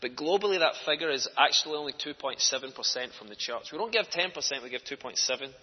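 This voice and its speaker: A man's voice: mid-range voice, expressive, quick pace, slightly rough. A man preaching a sermon, telling stories earnestly and building to passionate emphasis. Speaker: speaker for a children's charity preaching in church. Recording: echoey hall, dull lo-fi sound, faint noise.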